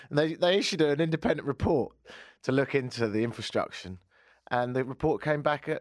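A man's voice: mid-range voice, brisk, no echo. A man from the United Kingdom hosting a casual radio chat show, full of wry, self-mocking sarcastic asides, recorded in a studio. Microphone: studio microphone.

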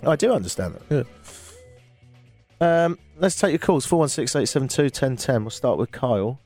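A man's voice: medium pitch, expressive, normal speed, a little mellow, faint music behind. An English man hosting a call-in radio show, chatting in a wry, joking way and reading texts aloud. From England. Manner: wry, joking, self-mocking.

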